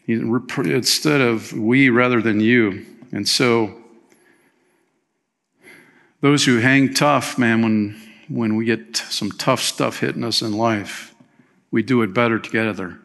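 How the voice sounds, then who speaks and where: A man preaching a sermon as pastor, energetic, swinging between loud emphasis and quiet appeals, with rhetorical questions to the congregation. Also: medium pitch, takes it slowly, vocal fry, long pauses.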